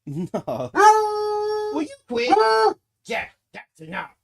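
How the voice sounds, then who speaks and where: A man's voice: on the high side, big pitch swings, slow pace, background noise. A man streaming casually, cooing to his dog in baby talk and swearing freely when he rants. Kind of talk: casual live-stream chat.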